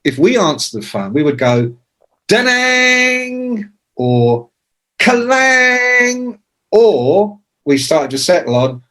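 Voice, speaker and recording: A man in his sixties tells stories in a relaxed, chatty way. He swears freely and throws in sudden loud imitations of voices and sounds. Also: medium pitch, measured pace, hardly any pauses. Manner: animated anecdotes with shouted imitations; swears casually. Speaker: interview guest, music journalist. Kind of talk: casual storytelling.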